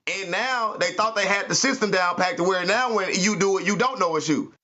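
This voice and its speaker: A man's voice: high-pitched, a little fast, sharp tone, muffled recording, a little hiss or hum. A man giving an emphatic spiritual motivational talk, preachy and full of profane slang. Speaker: podcast host.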